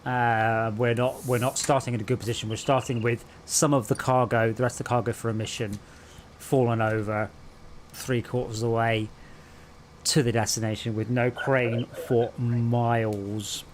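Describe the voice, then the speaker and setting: A man's voice: medium pitch, normal speed, slight background noise. Rambling, sweary man hosting a game stream. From England. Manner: rambling, sweary, animated storyteller. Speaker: streamer host. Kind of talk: casual gaming chat.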